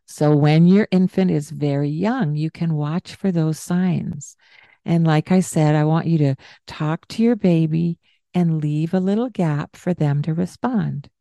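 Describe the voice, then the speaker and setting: A woman hosting a parenting chat, calmly explaining and now and then slipping into high sing-song baby talk. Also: unhurried, creaky, no echo, clean studio sound. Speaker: parenting podcast host.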